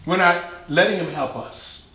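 Guy preaching in a big echoey church, high voice, playful, does little voices for quotes. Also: normal speed. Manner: lively, conversational preaching with acted-out quotes and laughs. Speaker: pastor. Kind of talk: sermon. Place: large church sanctuary.

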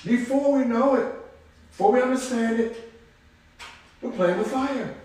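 High-voiced guy preaching, folksy and emphatic, keeps repeating lines, echoey room. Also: measured pace, darkish tone, distant mic. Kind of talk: sermon. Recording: roomy echo.

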